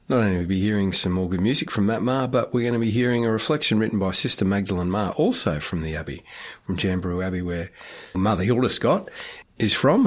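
Low-voiced, easygoing male radio host. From Australia. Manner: relaxed, chatty, some restarts. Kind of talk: casual radio presenting.

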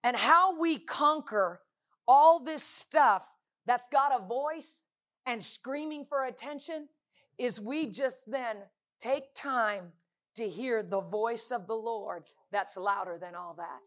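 A woman delivers a sermon in a high, bright voice. She speaks emphatically, hammering points home through repetition. She keeps asking rhetorical questions of the congregation. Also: slow. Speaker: preacher.

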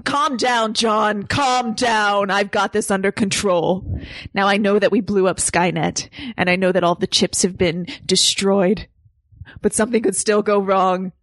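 A woman's voice: mid-range voice, fairly even intonation, a little slow, no echo, close to an everyday voice. A woman voicing a tough, paranoid action-hero mother in an improvised comedy bit, stern and commanding. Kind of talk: improvised comedy role-play.

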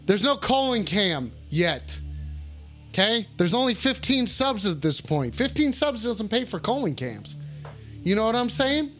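A man hosting a call-in livestream, swearing a lot and shouting the same catchphrase over and over. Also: sits high, sing-song, unhurried, faint music behind. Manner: rowdy, swearing, repeats his shouted catchphrase. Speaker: call-in stream host. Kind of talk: profane casual livestream banter.

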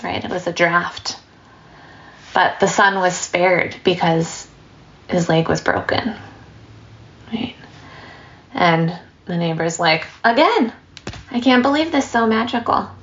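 A woman giving a dharma talk as a meditation teacher, relaxed and storytelling, with light laughs and asides. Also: lowish voice, muffled recording.

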